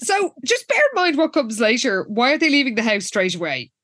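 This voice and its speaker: A young woman co-hosting a podcast, retelling a TV plot in a chatty, giggly way. Her voice sits a little high. The sound is close and dry. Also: huge pitch swings, a little fast, a bit bright, no room sound. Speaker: podcast co-host. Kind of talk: casual chat recapping a TV show.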